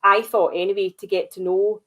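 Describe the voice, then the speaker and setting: A woman chats about a film on a podcast in an animated, conversational way, full of "like" and "you know". Her voice is mid-pitched and ordinary. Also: fairly quick. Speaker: podcast co-host. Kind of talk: casual film discussion.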